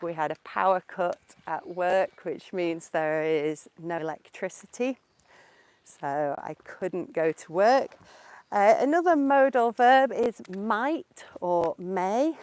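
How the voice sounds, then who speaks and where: Slow, clear woman teacher. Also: fairly low pitch, expressive, darkish tone, no room sound. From England. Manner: slow, clear and explanatory, answering viewer questions. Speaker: English teacher. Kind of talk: casual live-stream lesson while walking. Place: outdoors in the countryside. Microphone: portable mic while walking.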